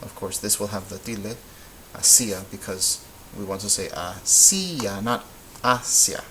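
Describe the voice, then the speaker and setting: Guy teaching a whiteboard lesson, kinda low voice, patient, fixes his own slips, little bit of background hiss. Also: lively intonation, measured pace, fairly bright tone, poor audio. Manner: patient, explains step by step, corrects himself. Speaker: Spanish teacher.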